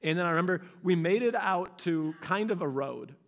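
A man preaching a sermon with a fairly high, animated voice. He speaks to the congregation directly and tells a personal story, acting out what he felt at the time. He sounds like a young adult. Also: normal speed, creaky. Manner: storytelling, animated, acts out his own past reactions. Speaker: pastor.

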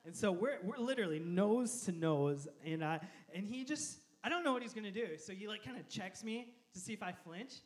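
Animated high-voiced man preaching. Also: fairly quick, few pauses. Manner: animated storyteller, laughs often, shouts quoted lines. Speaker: pastor. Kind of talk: sermon with a personal story.

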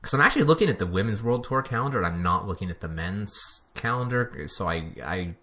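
A man's voice: fairly low pitch, lively intonation, fast talker, bright, forceful tone. A man co-hosting a podcast in casual chat, rambling and chuckling as he talks. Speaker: podcast co-host.

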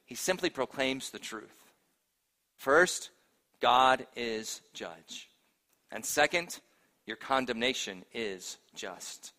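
A male pastor preaching a sermon, earnest and emphatic, moving between forceful proclamation and gentle appeal to his congregation. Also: mid-range voice, animated, takes it slowly, big-room sound.

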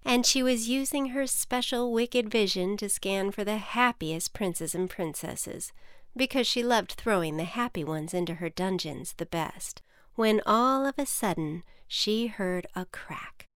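A woman hosting a podcast and narrating a storybook tale in a playful, expressive way, with emphatic comic pauses. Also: medium pitch, smooth, no room sound, clean studio sound.

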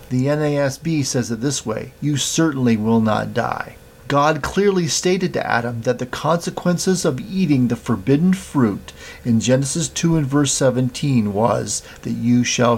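A man preaching a sermon, reading scripture aloud in a measured way. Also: mid-range voice, vocal fry, husky. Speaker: pastor.

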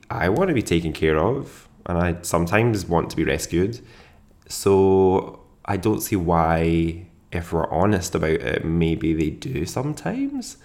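A man hosting a solo podcast in casual chat, chatty and self-deprecating, laughing often. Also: low-pitched. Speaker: podcast host.

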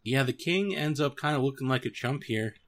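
A man's voice: mid-range voice, animated, a little fast, fairly bright tone. A man co-hosting a podcast in casual chat, chiming in with short, dry remarks. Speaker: podcast co-host.

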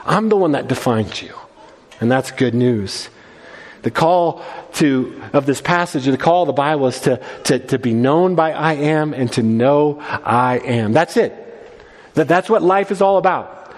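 A man's voice: on the high side, unhurried. A man preaching a sermon at a church service, reading scripture aloud and speaking in an earnest, emphatic way. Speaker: pastor. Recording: long hall reverb.

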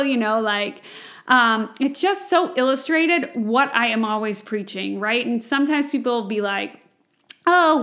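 Chatty high-voiced woman attorney. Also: a bit bright. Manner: chatty, often asks "right?" and uses filler "like". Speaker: contract attorney. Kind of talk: casual storytelling monologue.

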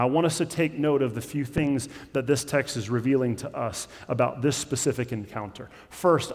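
Guy pastor preaching, kinda high voice, chatty, acts out little quotes, big echoey church hall. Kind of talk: sermon. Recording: long hall reverb.

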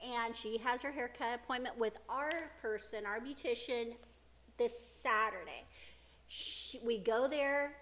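A woman's voice: a little high, measured pace, fairly bright tone, a little hiss or hum. A middle-aged woman co-hosting a casual podcast, telling stories with frequent laughter. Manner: chatty storytelling, frequent laughter. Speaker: podcast co-host, mother. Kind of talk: casual chat.

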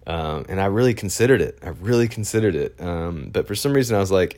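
A man's voice: sits low, expressive, fast, few pauses, darkish tone. A man, a photojournalist, telling a story in a casual, rambling way, full of fillers and restarts.

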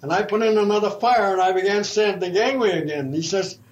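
In a slow, halting, folksy way, an older man with a strikingly high voice reminisces about bygone days. He talks like a retired railroad fireman telling a long yarn for an oral history, and the audio is dull and lo-fi, much like an old tape.

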